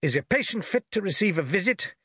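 A man's voice: high-pitched, animated, brisk, bright, forceful tone, breathy edge, dry recording, studio quality, voice pushed up, full character voice. A man voicing a hearty, blustering older naval admiral who talks in exclamations. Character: bluff hearty older male port admiral.

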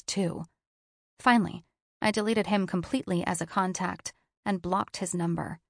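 A woman's voice: mid-range voice, dry recording, clean studio sound. Subdued woman narrating a novel. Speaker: audiobook narrator. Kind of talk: first-person novel narration.

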